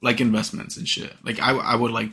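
A young man in crude, casual banter, laughing often and teasing loudly. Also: mid-range voice, flat delivery, a little fast, breathy edge.

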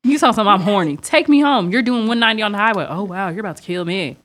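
A woman's voice: mid-range voice, rapid-fire. A young woman co-hosting a casual podcast, telling a dating story and acting out the other voices. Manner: animated, acts out quoted dialogue. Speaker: podcast co-host.

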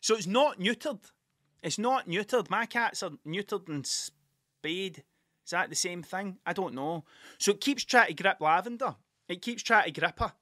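A man's voice: high voice, lively intonation, moderate pace, sharp tone, dry recording, studio quality. A man telling a rambling, sweary story in a casual podcast monologue, laughing as he goes. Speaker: podcast host and artist.

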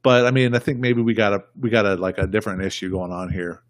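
Low-voiced man in rambling political chat. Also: quick pace, dry recording. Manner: rambling, emphatic, repeats himself. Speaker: podcast guest.

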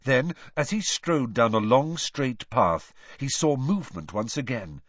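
A man giving a lively, dramatic storybook narration, in a dull, dry recording. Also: medium pitch, unhurried, dry recording. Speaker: audiobook reader.

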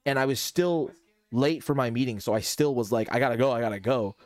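A young man on a casual podcast, telling a long story among friends in an animated, rambling way and acting out what people said. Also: mid-range voice, fairly quick, dry recording. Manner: rambling, animated, acts out quotes. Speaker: podcast co-host.

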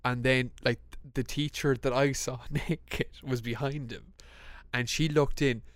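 A young man with an Irish accent, a podcast co-host telling a story in casual chat, animated and laughing, with lots of restarts. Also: medium pitch, unhurried, no room sound, studio quality.

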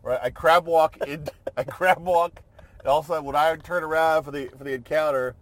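A man's voice: fairly high pitch, fairly even intonation, brisk, no echo. A man chatting casually as a co-host, rambling and joking, often trailing off and restarting. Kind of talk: casual chat.

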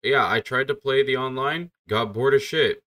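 A man's voice: medium pitch, normal speed, fairly bright tone. A man joining a casual podcast chat, blunt and offhand in his remarks. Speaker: podcast guest.

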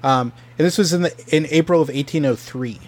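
A man's voice: a little high, brisk, a little mellow. A man casually telling a history story on a podcast, full of ums, likes and restarts. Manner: rambling, many fillers and restarts. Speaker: podcast co-host presenting history.

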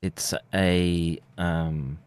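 Deep-voiced man hosting a rambling chat. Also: fairly even intonation, darkish tone, clear, resonant tone, no room sound. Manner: rambling, halting restarts. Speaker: podcast host. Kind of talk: casual conversation.

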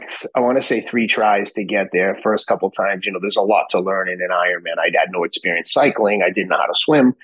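A man's voice: lowish voice, slightly rough, dry recording, low-quality recording. A man in his fifties from Boston, a guest telling stories with swearing, acting out both sides of his conversations. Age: 50s. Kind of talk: animated storytelling.

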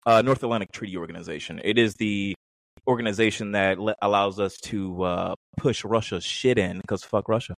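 A man's voice: lowish voice, a little fast, gravelly, no room sound. A young man in casual podcast chat, telling stories with lots of swearing and energy. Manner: profane, animated storytelling.

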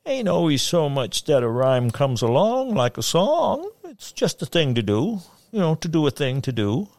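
A man's voice: fairly high pitch, huge pitch swings, normal speed, a little mellow, no room sound, voice pushed up. A man voicing a chubby, folksy old backwoods man who talks in a sing-song drawl and stammers as he goes, in a dry, close recording.

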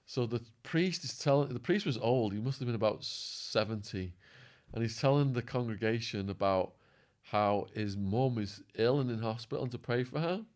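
A man guest in an interview, telling stories animatedly and acting out quotes, his voice going hoarse. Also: mid-range voice, normal speed, darkish tone. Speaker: podcast guest. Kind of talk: storytelling in an interview.

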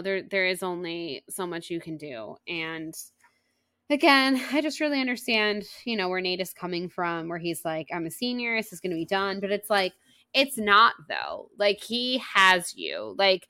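A woman co-hosting a casual book-club podcast, chatty and animated with quick asides. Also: mid-range voice, clean tone, no echo, studio quality. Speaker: podcast co-host.

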